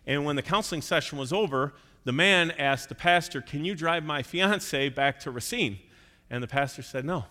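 A man's voice: on the high side, normal speed, sharp tone, long reverb tail. A man preaching a sermon, telling stories and acting out the voices of the people in them. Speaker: pastor.

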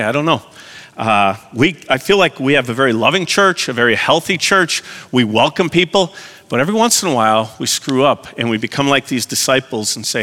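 A man's voice: mid-range voice, sharp tone. A man preaching a sermon in a church, folksy and conversational with self-deprecating asides. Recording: long hall reverb.

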